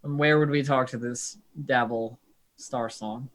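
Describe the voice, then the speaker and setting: A man's voice: medium pitch, fairly even intonation, unhurried, a bit bright. A man playing a tabletop game, speaking partly in character, earnest and polite, keeping the group on task. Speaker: player.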